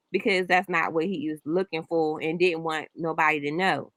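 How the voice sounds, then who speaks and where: A woman's voice: low-pitched, steady tone, normal speed, fairly bright tone, no room sound. A woman hosting a casual reaction chat, telling stories in a rambling way with many restarts. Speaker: host.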